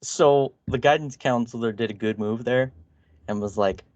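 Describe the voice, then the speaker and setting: A man's voice: medium pitch, normal speed, darkish tone, no echo, muffled recording. A man co-hosting a podcast, trading crude jokes and mocking impressions, laughing often. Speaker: podcast co-host. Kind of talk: casual comedic commentary.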